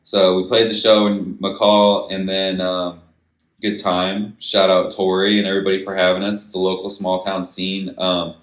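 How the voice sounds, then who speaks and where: A man in a casual chat about gigs and hotels, laid-back, with fillers and swearing. His voice sits very low. The room around him is echoey. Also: monotone, moderate pace, a bit bright. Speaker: musician and co-host.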